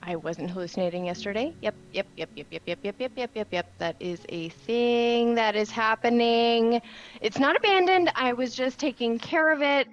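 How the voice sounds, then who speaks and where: A woman's voice: medium pitch, moderate pace, few pauses, muffled recording, natural voice. Woman playing a shy, rambling teen girl. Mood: flustered. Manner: hesitant, rambling, self-conscious. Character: shy, awkward teenage girl.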